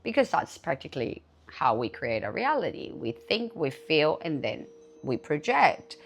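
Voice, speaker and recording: A woman's voice: low voice, sing-song, measured pace, a little hiss or hum. A woman hosting her own podcast, talking casually and candidly, swearing freely and with animation. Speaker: podcast host. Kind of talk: casual solo podcast talk.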